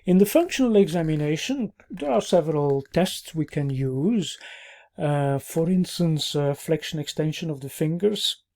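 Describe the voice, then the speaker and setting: A man teaching a recorded clinical course, explaining at an even pace with many "uh" pauses and checking "yeah?" tags. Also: on the high side. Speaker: orthopaedic medicine instructor.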